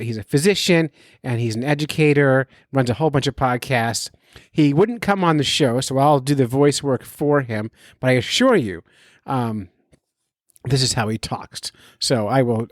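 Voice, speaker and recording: A man's voice: medium pitch, no echo, studio quality. A man hosting his own fishing podcast from his basement, talking in an upbeat, joking, self-mocking way. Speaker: podcast host and fishing guide. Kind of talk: casual podcast monologue. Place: home basement.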